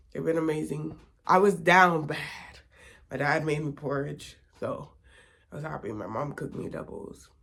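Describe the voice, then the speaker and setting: A young woman shares a personal testimony in a candid, confiding way. Her voice has a gravelly fry and a husky edge. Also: low voice. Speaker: vlogger.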